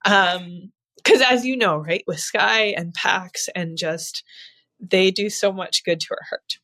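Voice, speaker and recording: A woman who breeds dogs talking casually as a guest, earnest and animated, with many fillers. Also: medium pitch, a little slow. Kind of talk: casual conversation.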